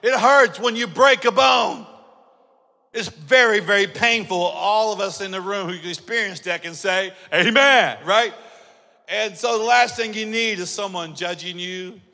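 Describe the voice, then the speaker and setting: Man, pastor, sermon, high voice, bright tone, animated storytelling, shouts at peaks, long hall reverb. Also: unhurried, creaky. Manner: animated storytelling, acts out dialogue, builds to shouting.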